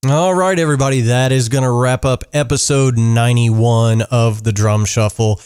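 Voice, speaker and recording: A man's voice: mid-range voice, fairly even intonation, normal speed, a little mellow, smooth. A man hosting a podcast, chatting casually with a guest and closing the show in friendly, upbeat patter. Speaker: podcast host. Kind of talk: casual interview chat.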